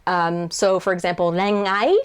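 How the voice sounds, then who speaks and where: A woman's voice: fairly low pitch, flat delivery, moderate pace, smooth. Chatty woman answering viewer questions. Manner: chatty, self-deprecating, many fillers and restarts. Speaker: YouTuber and translator. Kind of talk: casual Q&A to camera.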